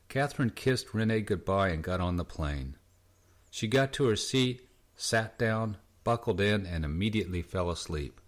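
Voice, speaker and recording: A man narrating an audiobook in a calm, steady reading voice. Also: fairly low pitch, moderate pace. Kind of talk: scripted narration.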